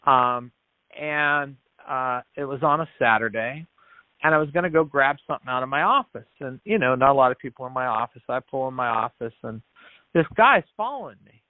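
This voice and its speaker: A man's voice: medium pitch, animated, a little fast, dry recording. A man guesting on a podcast, earnestly telling a story, acting out the dialogue and often restarting his words. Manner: earnest storyteller who acts out quoted dialogue; frequent restarts and repeated words. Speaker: podcast guest, business founder. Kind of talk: storytelling in an interview. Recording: tinny phone-like dry line.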